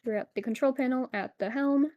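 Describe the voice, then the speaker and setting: A woman narrating as game master of a tabletop game, in a relaxed way with frequent fillers. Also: high voice, brisk, muffled recording.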